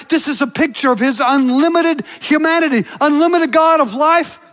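High-voiced preacher in a reverberant hall. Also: male voice. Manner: impassioned preaching, drops to quiet intimate asides. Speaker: pastor. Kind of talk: sermon. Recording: long reverb of a large hall.

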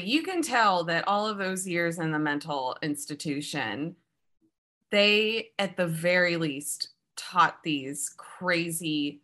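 A woman co-hosting a casual podcast, trading jokes about a horror movie. Her voice is bright and forceful and sits a little low for a woman. She delivers her riffs with a playful, deadpan touch. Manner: playful deadpan riffing, frequent laughs. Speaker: podcast co-host. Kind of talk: casual comedic film review chat.

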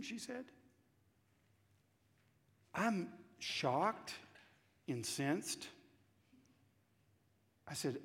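A man with a Southern American accent preaching a sermon, telling a story and swinging between hushed asides and loud, emphatic climaxes. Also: fairly high pitch, expressive, takes it slowly, pauses often. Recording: reverberant hall.

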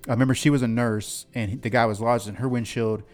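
A man's voice: medium pitch, fairly even intonation, quick pace, faint music behind. A man co-hosting a podcast, reading odd news headlines and riffing on them with crude, profane jokes. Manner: profane, joking, reads news stories aloud. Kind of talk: crude comedic chat.

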